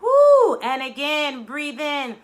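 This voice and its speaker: Bright, effusive woman leading affirmations. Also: medium pitch, lively intonation, moderate pace. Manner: effusive, chatty, lots of "you know" and restarts. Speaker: affirmation and mindset teacher leading a weekly online session. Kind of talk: guided breathing and motivational talk.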